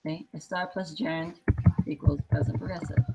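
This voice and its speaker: Lower-voiced woman teaching a class. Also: steady tone, fairly quick, warm tone, breathy edge, poor audio. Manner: patient, explains step by step with many fillers. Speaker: Spanish teacher. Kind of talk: classroom lesson.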